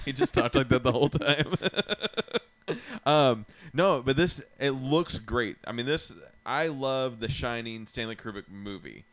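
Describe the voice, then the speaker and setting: A man's voice: medium pitch, fairly bright tone, no room sound. Joking young man chatting on a handheld mic. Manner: joking, crude, quick to laugh. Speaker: podcast host. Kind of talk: casual chat.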